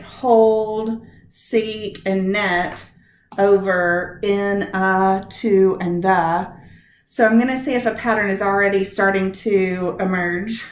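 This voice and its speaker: A woman teaching a lesson on poetic meter, explaining step by step and sounding out words slowly to show where the stress falls. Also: medium pitch, echoey room. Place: room with a whiteboard.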